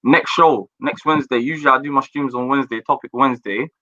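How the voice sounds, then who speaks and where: A man hosting a casual online stream, chatting in slangy, animated speech with Arabic phrases mixed in. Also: mid-range voice, quick pace, lo-fi sound. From Somaliland. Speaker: stream host.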